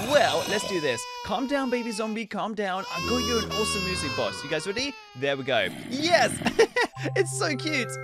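Excitable young man hosting a game video. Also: sits high. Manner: excitable, laughing, squeals loudly. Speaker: gaming video host. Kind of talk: playful game commentary.

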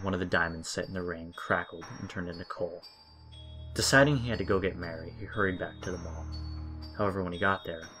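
A man narrating a dark short story in a steady storytelling manner. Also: low voice. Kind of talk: scripted horror story narration.

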